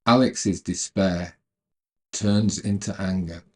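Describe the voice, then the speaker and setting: Low-voiced man calmly retelling a story. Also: slow pace. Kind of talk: scripted narration and commentary.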